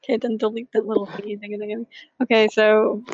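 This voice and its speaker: A woman playing in a casual tabletop game, bubbly and firing off quick questions. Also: mid-range voice, flat delivery, a little mellow. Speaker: player. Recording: slightly dull lo-fi mic.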